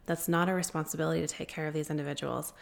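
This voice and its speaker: A woman guest telling a long story in an interview, earnest and pausing often with fillers. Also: deep voice, steady tone, vocal fry. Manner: earnest, many filler pauses. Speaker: guest, founder of an anti-trafficking group.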